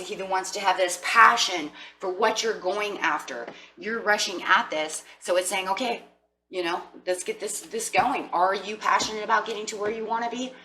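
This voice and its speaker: A woman with a medium-pitched voice gives her viewers a casual, chatty tarot reading, with background noise present. She is animated and often acts out the things people say to themselves.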